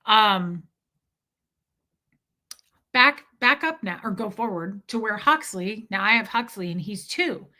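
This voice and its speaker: Woman, livestream host, candid animated storytelling, greets chat viewers, bright tense voice. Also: medium pitch, slow pace, pauses often.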